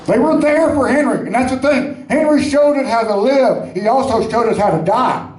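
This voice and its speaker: A man's voice: extremely high pitch, moderate pace, echoey room, noisy background. A man giving a rambling, plainspoken eulogy full of folksy asides. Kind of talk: spoken eulogy.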